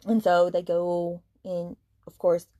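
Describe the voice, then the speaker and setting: A woman's voice: lowish voice, level tone, mellow, no echo, highs cut off. Exasperated woman ranting about a book. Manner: exasperated, sarcastic, swears; fast retelling with many fillers. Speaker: book podcast host. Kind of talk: casual book review rant.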